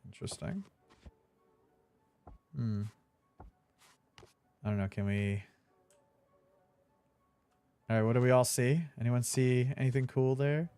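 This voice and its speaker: A man's voice: medium pitch, fairly even intonation, unhurried, pauses often, mellow, smooth, faint music behind. A young man chatting casually while playing a video game, laughing easily and swearing now and then. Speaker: streamer. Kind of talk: casual let's-play commentary.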